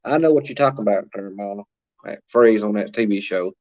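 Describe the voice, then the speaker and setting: A man's voice: lowish voice, fairly quick, a little mellow, highs cut off. A man hosting a casual livestream, chatting and reading viewer comments aloud with plenty of fillers. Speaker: livestream host reading chat. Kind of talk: casual live-chat talk.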